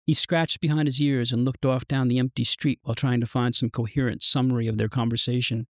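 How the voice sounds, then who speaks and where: A man reading his own short story aloud in measured, even narration. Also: medium pitch, dry recording, studio quality. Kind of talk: literary fiction reading.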